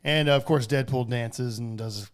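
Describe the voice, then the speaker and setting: A man co-hosting a casual podcast, excitedly recapping a movie with swearing and quoted lines. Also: medium pitch, normal speed. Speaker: podcast co-host. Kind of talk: casual chat.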